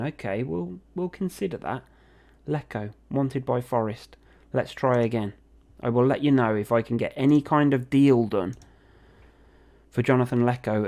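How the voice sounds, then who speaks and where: A young man talks through his game in a loose, chatty way. His voice is mellow and dark, pitched mid-range. He reacts aloud to each turn as he plays. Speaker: gaming video host. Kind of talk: casual game commentary.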